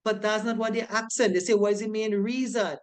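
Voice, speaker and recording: A woman's voice: mid-range voice, fairly even intonation, fairly quick, clear, resonant tone. A woman teaching a safety course, emphatic and checking often that her students follow. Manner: emphatic, keeps asking "right?" to check understanding. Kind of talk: online lecture going over quiz answers.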